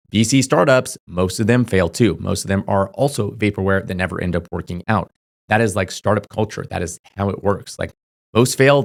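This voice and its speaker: A young man speaking quickly and insistently, his voice sitting fairly low, giving casual straight-to-camera advice. He piles on fillers and keeps checking in with a quick "okay?" as he drives his points home. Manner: rapid, filler-heavy, emphatic, repeats "okay?". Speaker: crypto YouTuber.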